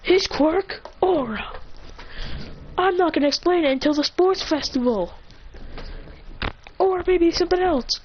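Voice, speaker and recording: A woman voicing a cocky teenage boy hero who taunts his rival and shouts out attack names. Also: very high voice, a little slow, long pauses, muffled recording, a little hiss or hum, voice pushed up. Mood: boastful.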